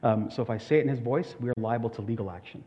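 A man's voice: medium pitch, very fast, mellow. Earnest male pastor preaching in an echoey hall. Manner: conversational, earnest preaching with asides to the congregation. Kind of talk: sermon. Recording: echoey hall, dull lo-fi sound.

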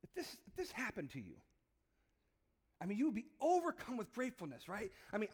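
A man's voice: very high voice, wildly swooping pitch, quick pace, slightly rough. A man preaching a sermon, telling stories and acting out the voices in them in a conversational way. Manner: acts out voices in illustrations, conversational. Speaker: pastor.

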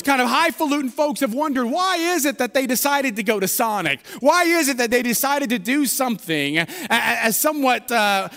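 A man pastor delivers a sermon like a humorous story told to friends. His voice sits very high and sounds bright and forceful. The long reverb of a large church sanctuary trails behind each phrase.

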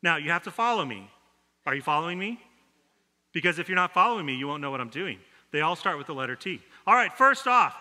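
Bright-voiced storytelling pastor in a hall. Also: male voice, sits high, lively intonation, brisk. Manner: storytelling, self-deprecating humor. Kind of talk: conversational sermon with stories. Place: church sanctuary. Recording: long hall reverb.

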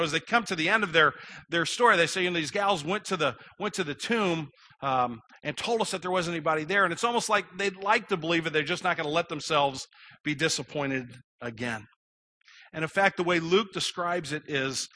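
A man's voice: on the high side, sharp tone. A middle-aged man preaching a sermon in a conversational, folksy way, telling personal stories with self-deprecating humor. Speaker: pastor.

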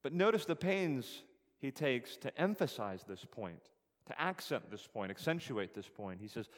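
Man, pastor, sermon, earnest emphatic preaching, average pitch, long church reverb. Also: sing-song, unhurried. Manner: earnest preaching, rising for emphasis on scripture, repeating phrases. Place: church sanctuary.

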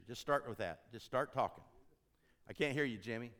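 A man from Tennessee talks to a church congregation about finding a new preacher. He speaks in a folksy, joking way and drives his points home by repeating key phrases. His voice sits at an ordinary middle pitch. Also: normal speed, a bit bright. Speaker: interim ministry consultant. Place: church sanctuary.

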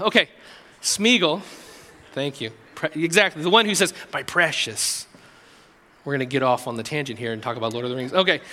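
A male pastor preaching with a high, bright voice. He drops soft for quoted prayers and rises to earnest exhortation. The sound rings with the long reverb of a church hall. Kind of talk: sermon.

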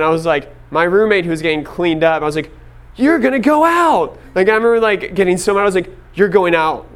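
A man's voice: fairly high pitch, clear, resonant tone. A young man preaching a casual sermon, telling stories with lots of filler words. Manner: casual storytelling with many fillers. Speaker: pastor.

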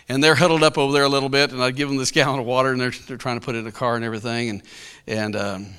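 Preacher, male, folksy and chuckly, bright forceful tone, sermon storytelling. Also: medium pitch, fairly even intonation, very fast, smooth. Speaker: pastor.

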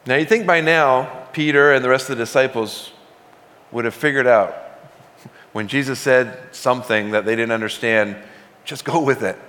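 A male pastor delivers a sermon in a relaxed, conversational way, leaning hard on key words for emphasis. His voice sits in an ordinary middle range. It rings out with the long reverb of a large sanctuary. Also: medium pitch, normal speed.

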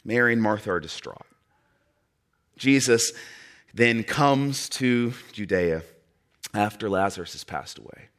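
A man preaching a sermon in an earnest way, with dramatic pauses and soft drops in his voice. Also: lowish voice, expressive.

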